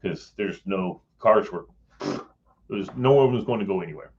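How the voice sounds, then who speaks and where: Through a muffled recording comes a low-pitched male voice at normal speed. He's a middle-aged guest sharing a personal story in relaxed chat, lively as he imitates the voices of the people involved and laughs partway through sentences.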